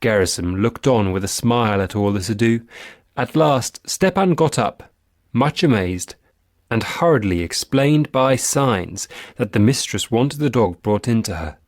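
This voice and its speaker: A man reading a classic story aloud as an audiobook narrator, in a measured storytelling way. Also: mid-range voice, expressive, no echo, studio quality.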